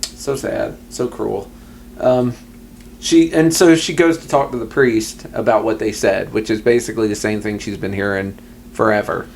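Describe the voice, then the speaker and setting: A man's voice: on the low side, steady tone, moderate pace, gravelly, a little hiss or hum. A man co-hosting a movie podcast in casual chat, recapping a film in a laid-back, wry way with frequent fillers and the odd swear word. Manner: laid-back, agreeable, lots of "yeah" and "um"; profane, wry.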